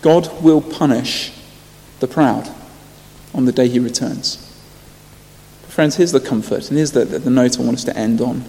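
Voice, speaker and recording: A man preaching a sermon, telling stories earnestly and rising to loud emphasis. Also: mid-range voice, normal speed, creaky. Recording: long hall reverb.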